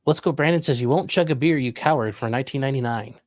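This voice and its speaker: Man, from Ohio, stream host, casual chat, reads comments, dry jokes, mid pitch, dead room. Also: quick pace, darkish tone, no echo. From Ohio, USA. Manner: reads viewer comments aloud and answers with dry, joking asides. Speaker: livestream host reading chat.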